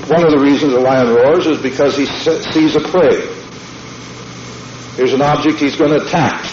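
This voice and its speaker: A man's voice: medium pitch, a little mellow, slight background noise. A man preaching a sermon in a folksy, emphatic way, often checking in with the congregation. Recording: dull lo-fi sermon tape in an echoey hall.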